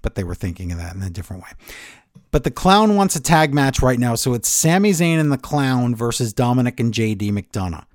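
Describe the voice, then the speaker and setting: Sarcastic man recapping wrestling with lively pitch. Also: brisk, no echo, clean studio sound. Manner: sarcastic, animated recapping with quoted voices. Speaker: podcast co-host. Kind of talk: casual wrestling recap chat.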